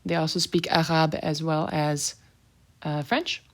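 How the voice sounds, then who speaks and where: Woman, French teacher, lowish voice, unhurried drill pace, repeats each word twice with short explanations. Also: little pitch movement. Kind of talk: vocabulary pronunciation lesson.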